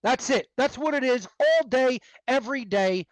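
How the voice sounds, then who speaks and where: A man rants in a high voice, swearing and hammering his points home. The sound is dry and close, with no room around him. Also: animated, normal speed, dry recording, low-quality recording. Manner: profane, emphatic ranting. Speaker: interview guest. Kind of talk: heated monologue.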